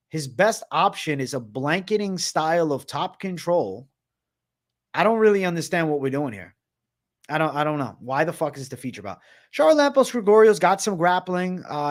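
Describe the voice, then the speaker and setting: A young man hosting a live stream, ranting casually with lots of swearing and exasperation. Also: on the high side. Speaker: host of a live betting stream.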